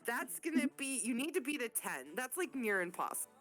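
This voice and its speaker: A woman running a tabletop game as game master, telling the scene in a casual, profane, animated way. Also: a little high, brisk, faint music behind.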